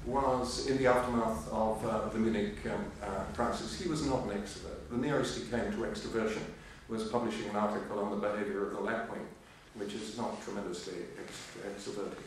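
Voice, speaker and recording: A man's voice: on the low side, steady tone, fairly quick. Older man lecturing in an echoey hall. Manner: hesitant, many ums and uhs, dry humour. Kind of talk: academic history lecture. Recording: echoey hall, voice from far off, faint hiss.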